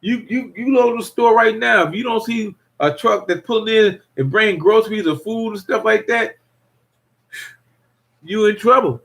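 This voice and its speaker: Older male streamer, slightly high voice, rambling casual monologue. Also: normal speed, creaky, a bit bright. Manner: rambling, repeats himself, greets viewers by name. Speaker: livestream host.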